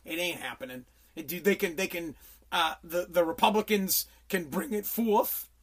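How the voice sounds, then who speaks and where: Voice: mid-range voice, moderate pace, fairly bright tone. Podcast host, angry rant, profane, repetitive, stammering restarts. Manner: profane, heated, repeats phrases for emphasis; stammers and restarts when worked up.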